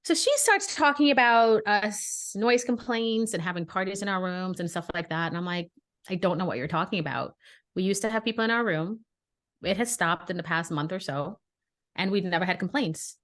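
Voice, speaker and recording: Animated woman telling a story. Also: medium pitch, normal speed. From Brooklyn. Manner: animated, indignant storytelling with acted-out dialogue. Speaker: podcast co-host. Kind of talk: casual storytelling chat.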